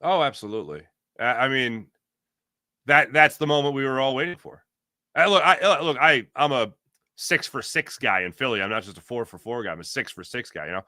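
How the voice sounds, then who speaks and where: A man, a guest telling excited stories in casual chat. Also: mid-range voice, a little fast, dry recording, studio quality. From Philadelphia. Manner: excited storytelling, animated.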